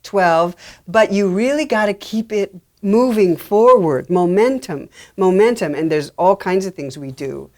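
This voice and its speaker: A woman guest in an interview, explaining song structure in an animated way and acting out her examples with repeated words. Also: medium pitch, a little slow. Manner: animated, acts out examples with repetition. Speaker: songwriting expert guest.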